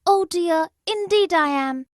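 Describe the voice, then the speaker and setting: A woman's voice: very high voice, measured pace, no room sound, studio quality, pitched above the performer's own voice. A woman voicing an eager young girl who exclaims and chats in a lesson dialogue. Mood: excited. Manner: exclaiming, excitable.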